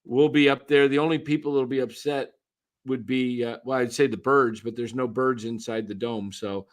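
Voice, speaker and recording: A man's voice: mid-range voice, fairly even intonation, moderate pace. A man co-hosting a casual postgame talk stream, rambling and restarting his sentences often. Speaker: podcast co-host. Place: attended the game in a ballpark, now talking on a stream.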